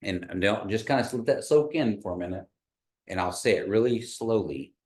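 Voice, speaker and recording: A man teaching a language class, patient and encouraging, slowing down to model each sound. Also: on the low side, animated, darkish tone.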